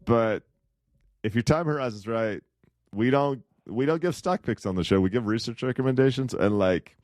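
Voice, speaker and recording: A man's voice: mid-range voice, moderate pace, darkish tone, no room sound, clean studio sound. A man co-hosting a podcast, chatting casually and a little ramblingly about investing, with an occasional chuckle. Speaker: podcast co-host.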